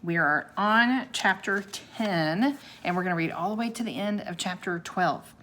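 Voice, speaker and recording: A woman reading a children's book aloud like a teacher, unhurried and expressive, with asides to her young listeners. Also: medium pitch, slight background noise. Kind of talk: children's storybook read-aloud.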